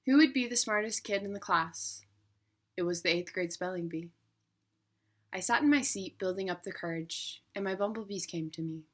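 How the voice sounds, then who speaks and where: A young adult woman narrating her own digital story in a reflective, measured way. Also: mid-range voice.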